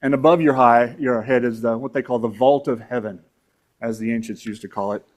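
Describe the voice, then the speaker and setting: A man's voice: medium pitch, fairly even intonation, fairly quick. A man teaching astronomy to a club audience in a conversational, rambling way with fillers and asides. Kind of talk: lecture to an audience. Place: meeting room with audience.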